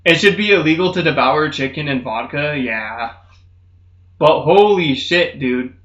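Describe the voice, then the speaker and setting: A man's voice: expressive, a little slow. Profane young man rambling "dude"-heavy stories. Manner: does loud high-pitched mocking voices in stories. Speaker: streamer. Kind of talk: casual storytelling chat. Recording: roomy, slightly muffled stream audio.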